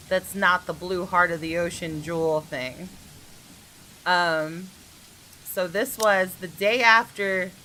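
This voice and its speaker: A woman's voice: on the low side, pushed and bright, a little hiss or hum, poor audio. A woman hosting a gameplay video, chatting casually and thinking aloud as she reads a visual novel. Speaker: gaming video host. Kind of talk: Let's Play commentary and reading aloud.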